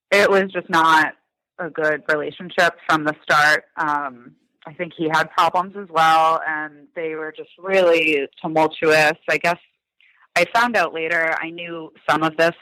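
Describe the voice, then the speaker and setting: A Massachusetts man in his thirties, the son of a crime victim, appears as a guest on a podcast and reflects aloud with lots of "um" and "like." His voice is fairly high and sharp, with little pitch movement and a measured pace. The recording is dry and low in quality.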